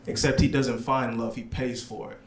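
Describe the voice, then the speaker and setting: A man from the American South doing a stand-up comedy set in a small lounge, talking in a relaxed, conversational way and slipping into put-on voices for his characters. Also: mid-range voice, moderate pace. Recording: echoey club room with loud audience noise.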